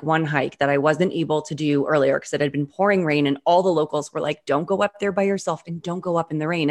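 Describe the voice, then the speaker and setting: Woman, low voice, animated storyteller, video call, frequent "like". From Utah. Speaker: guest. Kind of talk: storytelling interview.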